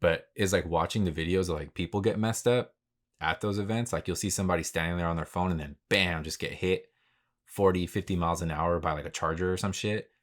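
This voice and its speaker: A man's voice: deep voice, steady tone, a little fast. A man hosting his own podcast, talking in a laid-back, rambling way with lots of slang and swearing. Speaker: podcast host. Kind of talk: casual solo podcast monologue.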